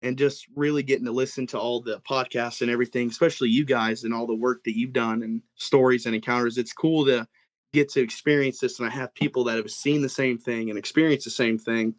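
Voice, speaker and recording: A man's voice: mid-range voice, brisk. A young man from Oklahoma telling his own eerie encounter on a casual podcast, rambling and acting out what everyone said. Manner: rambling, animated retelling with many "like"s and quoted dialogue. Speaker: guest telling an encounter story.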